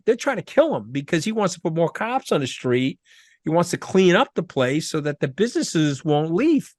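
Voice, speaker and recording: A middle-aged New man speaks as an interview guest, somewhat high for a man and full of emphatic, rapid-fire energy. His voice sits close and dry, with no room around it. He tells stories in a lively, punchy way. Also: dry recording. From Long Island, New York. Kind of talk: conversational interview.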